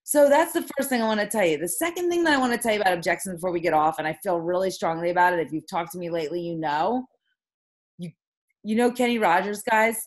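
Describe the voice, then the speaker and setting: A woman leading a motivational team call, talking in an emphatic, heated way with quick rhetorical questions. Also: lowish voice. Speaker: team leader coaching her sales team.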